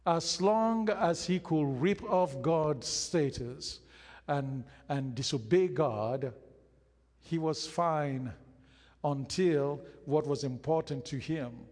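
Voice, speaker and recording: A man's voice: medium pitch, slow pace, pauses often, a little mellow. A man preaching a sermon as pastor of his church, emphatic, repeating phrases and acting out quotes. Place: church hall. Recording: hall reverb.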